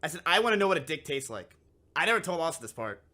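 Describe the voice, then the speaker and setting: A man's voice: fairly high pitch, very animated, fast, pushed and bright, slight background noise. A young man streamer telling a story casually to his live chat, swearing freely and acting out both sides of the conversation.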